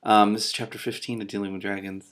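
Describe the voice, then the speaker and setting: Man reading aloud, excitable asides, slightly low voice. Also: fast talker. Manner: excitable, self-mocking asides. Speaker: book reader and commentator.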